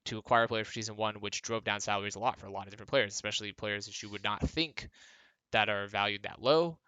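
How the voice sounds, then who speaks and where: Crisp, bright-voiced young man rambling. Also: fairly low pitch, quick pace, dry recording. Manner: rambling, filler-heavy, dryly sarcastic. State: tired. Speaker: former esports pro player and commentator. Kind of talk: casual monologue vlog. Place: home workspace.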